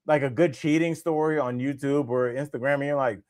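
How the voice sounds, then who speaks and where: A man co-hosting a comedy news podcast, riffing in an animated way and laughing at his own jokes. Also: medium pitch, brisk, no room sound, clean studio sound. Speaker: podcast co-host.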